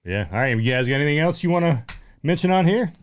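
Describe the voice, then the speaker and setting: A man's voice: a little high, lively intonation. A man hosting a casual podcast chat in a laid-back way, often tossing in "man". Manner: fast, laid-back, says "man" a lot. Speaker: podcast host.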